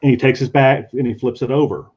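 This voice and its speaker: A man's voice: medium pitch, quick pace, breathy edge. Man telling a convention story. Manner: animated, acts out quoted voices. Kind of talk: casual storytelling while drawing. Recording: dull lo-fi stream audio.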